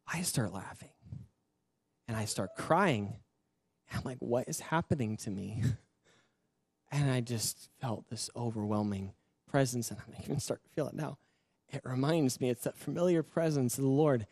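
A young adult man, a pastor, sharing his personal testimony in an earnest, emotional storytelling manner with soft laughs. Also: medium pitch, no echo, clean studio sound.

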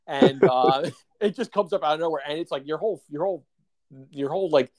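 A man's voice: on the high side, a little fast, a little mellow, dry recording. A man co-hosting a podcast, telling a long story in casual chat, full of fillers and laughs. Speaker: podcast co-host.

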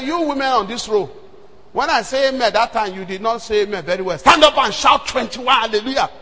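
A man with a Nigerian accent preaching a sermon, telling stories in an animated way that swings from hushed asides to shouts. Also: sits high, big-room sound, slight background noise. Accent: Nigerian, Yoruba-speaking. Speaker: pastor.

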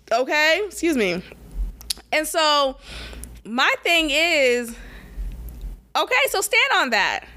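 Bright, sassy woman podcast host. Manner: blunt, sassy, emphatic with sudden high swoops. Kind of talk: casual opinion commentary.

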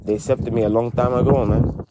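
A man's voice: mid-range voice, flat delivery, a little fast, very noisy, close to an everyday voice. A man voicing a brash middle-aged character with a Spanish-inflected English accent who calls everyone honey and rambles in street slang. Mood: defensive. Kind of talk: comedy sketch dialogue.

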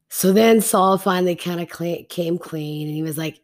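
A woman's voice: on the low side, moderate pace, few pauses. A woman teaching a Bible story in a casual, chatty way, retelling scripture in slangy everyday speech.

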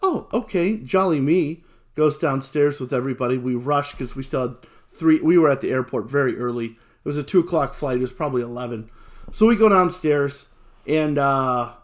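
A man telling a lively personal anecdote, acting out what people said and laughing along the way. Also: medium pitch, normal speed. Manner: animated storyteller who acts out quotes and laughs often.

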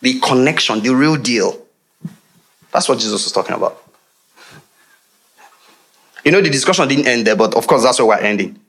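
Lively Nigerian pastor preaching. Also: male voice, medium pitch, normal speed, long pauses. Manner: animated, laughing, teasing the congregation. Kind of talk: sermon.

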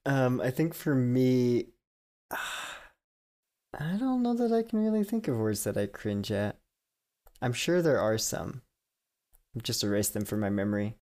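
A woman hosting a casual podcast chat, her pitch moving in lively swings. She laughs easily and keeps the conversation going with questions. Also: unhurried, long pauses. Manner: giggly, asks the group questions. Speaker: podcast host asking questions.

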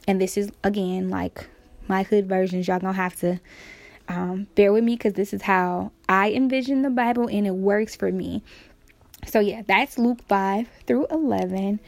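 Gravelly-voiced woman retelling Bible stories. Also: medium pitch, a little mellow, dry recording. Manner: slangy, playful, acts out quotes.

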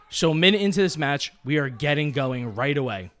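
A man co-hosting a casual podcast, chatting and breaking into excited play-by-play as he watches a match. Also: on the high side, a little fast, hardly any pauses. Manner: excited, jumps into play-by-play commentary. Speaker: podcast co-host. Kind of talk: casual live-reaction chat.

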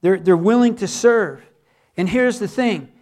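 High-voiced man preaching earnestly. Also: a little slow, darkish tone. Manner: earnest, repeats words for emphasis. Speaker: pastor. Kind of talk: sermon.

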